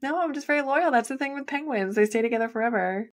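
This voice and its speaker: A woman co-hosting a podcast in casual chat, bubbly, enthusiastic and quick to giggle. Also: a little high, expressive. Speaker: podcast co-host.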